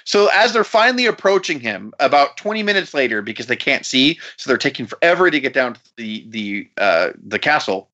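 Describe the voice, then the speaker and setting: A man's voice: medium pitch, big pitch swings, a little fast, hardly any pauses, pushed and bright, highs cut off. A man hosting a podcast, telling a story in casual chat, incredulous, laughing and swearing often. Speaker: podcast host.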